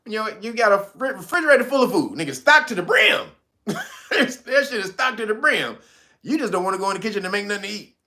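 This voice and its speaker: A man with a high, bright voice riffing in a loose, slangy rant. He swears freely and keeps laughing at his own points. The delivery is casual, commentary to the camera. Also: lively intonation, fast talker. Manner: profane, laughs often, slangy. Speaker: commentary vlogger.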